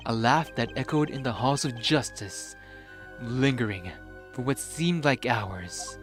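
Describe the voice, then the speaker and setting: A man streams a story game, reading its narration in a measured, dramatic way and reacting excitably between lines. His voice sits mid-height, with faint music underneath. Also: medium pitch.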